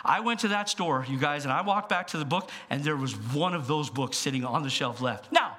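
A man preaching as pastor in a church, telling stories with animated swings between hushed asides and loud bursts. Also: a little high, a little fast, hardly any pauses. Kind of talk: sermon.

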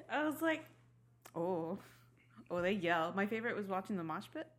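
A woman's voice: medium pitch, big pitch swings, moderate pace, heavy background noise. A young woman co-hosting a casual podcast. She giggles often and teases her co-host in a laid-back way. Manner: giggly, teasing. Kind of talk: casual chat.

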